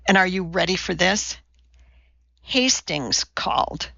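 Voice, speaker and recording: A woman's voice: fairly low pitch, expressive, slow pace, vocal fry, bright, forceful tone, no echo, full character voice. A woman narrator voicing a practical, gossipy older female neighbor with an indignant edge, recorded a little dull.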